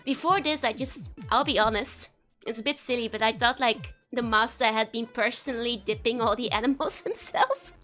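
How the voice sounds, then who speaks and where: A woman's voice: fairly high pitch, normal speed, fairly bright tone, soft background music. A woman streamer giggling and chatting as she reads a game text aloud on a casual livestream. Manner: giggly and chatty, laughs often between lines.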